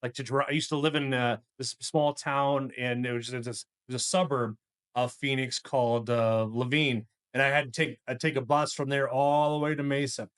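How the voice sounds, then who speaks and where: Male co-host, mid-pitched, halting casual speech with frequent restarts. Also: fairly even intonation, fairly bright tone, clean tone, no echo, studio quality. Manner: halting, restarts sentences, swears in reaction. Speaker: podcast co-host. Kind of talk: casual chat.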